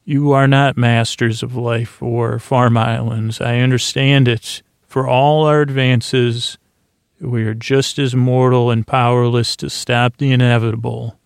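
A man with a gravelly, fry-filled voice meanders through a sleepy retelling, his pitch barely rising or falling. He paraphrases loosely and loses his place often. The close mic sounds dry and intimate. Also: flat delivery, measured pace, no room sound. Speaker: podcast host. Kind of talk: rambling sleep-story recap.

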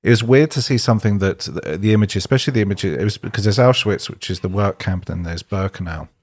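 A man co-hosting a podcast, speaking hesitantly with many ums and pauses. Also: on the low side. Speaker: podcast co-host. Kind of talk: casual podcast chat.

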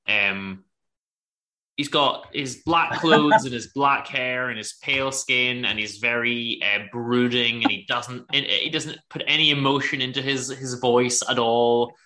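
A man co-hosting a podcast, telling a story in a sarcastic, animated way. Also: mid-range voice, a little slow. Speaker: podcast co-host. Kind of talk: casual chat reviewing a show.

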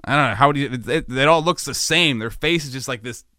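A man's voice: quick pace, sharp tone, no room sound. Goofy rambling man, dry close sound. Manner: goofy, rambling, with sudden high-pitched mock panic. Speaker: podcast host. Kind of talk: solo comedic podcast monologue.

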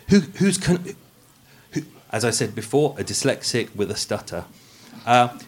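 Husky and mid-pitched, an English host with a Birmingham accent tells a true-crime story on a live podcast, facing an audience in the room. He keeps it jokey, makes fun of himself, and frequently fumbles his words.

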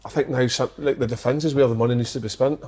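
A Scottish man in a casual chat, talking earnestly with halting restarts. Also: mid-range voice, steady tone, a little mellow, husky.

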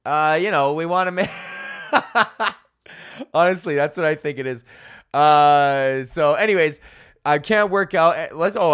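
A man hosting his own podcast alone, ranting in a profane, excitable way, jumping between loud outbursts and low mutters. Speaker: podcast host. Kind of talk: solo comedic rant.

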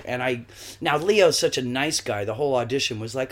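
A middle-aged man, a guest actor, telling a lively story in a podcast interview and acting out the voices in it. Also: medium pitch, normal speed. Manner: lively anecdotes, acts out quoted voices, swears.

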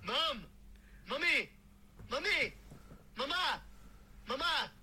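A shrill, nagging cartoon baby boy. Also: very animated, slow pace, pushed and bright, a little hiss or hum, heavily acted. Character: whiny cartoon baby boy, relentlessly demanding.

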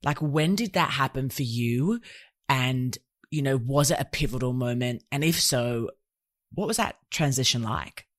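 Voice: mid-range voice, measured pace. Podcast host asking questions. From Australia. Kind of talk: interview questions.

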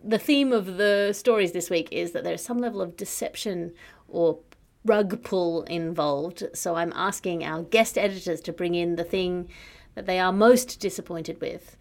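A woman hosting a comedy podcast, introducing segments and making dry quips, with a slightly low voice. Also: measured pace. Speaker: host.

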